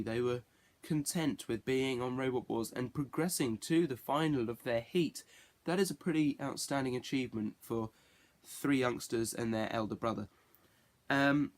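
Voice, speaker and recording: A man giving a casual spoken review, rambling and correcting himself as he goes. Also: mid-range voice. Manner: rambling, self-correcting, chatty. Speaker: TV show reviewer.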